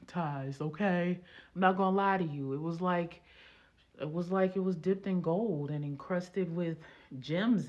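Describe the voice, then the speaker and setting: A woman vlogger telling a personal story and giving relationship advice in a casual, animated, playful way, with teacherly asides. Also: on the low side. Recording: dull lo-fi audio.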